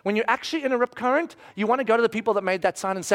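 Middle-aged man, high voice, animated storyteller who swings between loud and hushed. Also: very fast. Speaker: speaker telling a personal story. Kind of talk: storytelling talk to an audience.

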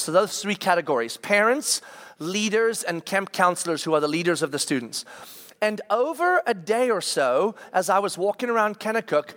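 A man in his forties, a camp speaker, telling a story in a sermon with animated restarts and stammers. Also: high-pitched. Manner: acts out quoted people in raised voices.

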